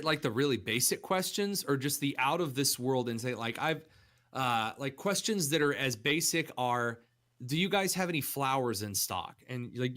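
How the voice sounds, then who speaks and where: A young man hosting a radio talk show, telling funny stories with lively shifts of voice. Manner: animated storyteller, jumps pitch for quoted voices. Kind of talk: casual radio chat.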